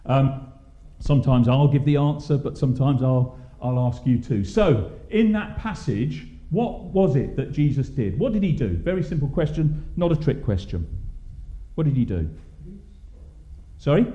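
A man's voice: mid-range voice, animated, normal speed, warm tone. A man leading an interactive Bible study in a church hall, questioning the group with many ums and restarts. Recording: echoey, muffled church hall.

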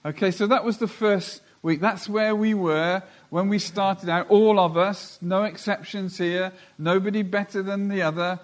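A man preaching a sermon, who talks slowly and deliberately and reads scripture aloud. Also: sits high, fairly even intonation.

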